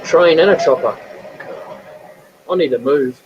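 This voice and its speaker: A man's voice: a little high, measured pace, background noise. Joking man hosting a live stream. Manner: joking, teasing, laughs often. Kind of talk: casual live-stream chat. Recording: dull lo-fi audio.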